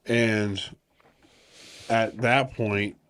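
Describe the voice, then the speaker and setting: A man's voice: on the low side, steady tone, drawn-out words, a bit bright. A man co-hosting a podcast, chatting casually and joking about growing up with computers. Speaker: podcast co-host. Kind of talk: casual chat.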